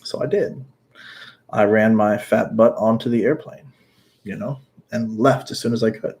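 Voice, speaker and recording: A man's voice: fairly low pitch, fairly even intonation, moderate pace, a little mellow. A man from the United States, talking casually on a livestream and answering chat with blunt, outspoken remarks and casual swearing. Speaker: YouTuber answering live chat.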